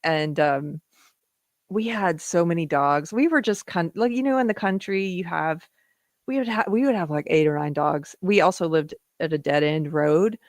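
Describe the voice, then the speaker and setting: Chatty woman livestream host, low voice. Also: moderate pace, no room sound, clean studio sound. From Southern United States. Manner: chatty, laughs often, talks to her dog. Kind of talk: casual livestream chat reading viewer comments.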